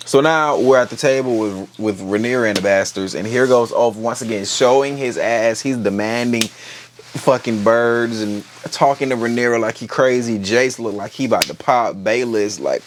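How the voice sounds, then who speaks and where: A man's voice: medium pitch, moderate pace, a little hiss or hum. A man giving a casual, gossipy and profane episode recap, full of slang. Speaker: TV show reviewer.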